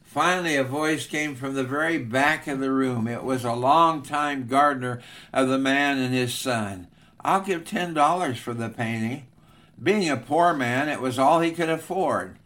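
A male preacher telling an illustration in a sermon, with measured, earnest narration. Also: medium pitch, a bit bright. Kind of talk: sermon storytelling.

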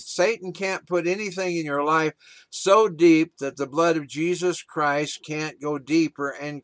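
A man preaching a sermon, earnest and steady, telling stories to make his point. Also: fairly high pitch, no room sound.

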